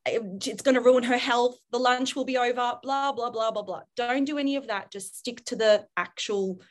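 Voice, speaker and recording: A woman's voice: fairly high pitch, moderate pace. A woman, a parenting expert who talks animatedly and acts out dialogues on a podcast. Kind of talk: podcast conversation, advising.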